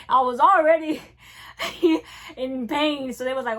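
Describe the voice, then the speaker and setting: A young woman, telling a casual storytime vlog. She swings between hushed and loud. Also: sits high, expressive, brisk. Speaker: vlogger.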